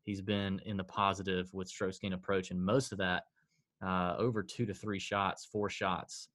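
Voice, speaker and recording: This co-host's voice is low, flat and fairly bright, moving at a moderate pace. On a laid-back sports betting podcast, he piles on the numbers, sighs often, and pokes fun at himself with dry humor.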